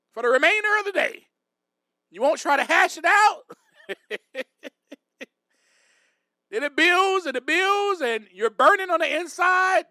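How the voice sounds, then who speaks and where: A man's voice: very high voice, sharp tone, no echo. A man hosting a podcast and giving recovery advice in a direct, emphatic, preachy way. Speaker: podcast host.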